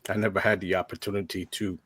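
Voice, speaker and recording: Deep-voiced man giving an earnest tribute. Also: little pitch movement, fairly bright tone, slightly rough, dry recording. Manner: earnest, halting with many fillers. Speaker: tribute speaker. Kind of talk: heartfelt spoken tribute.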